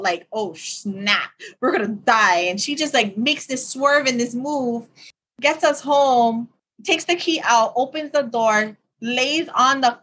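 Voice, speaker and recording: Bright, husky woman chatting. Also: fairly high pitch. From Hawaii. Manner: chatty storyteller, laughs easily. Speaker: podcast co-host. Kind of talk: casual chat.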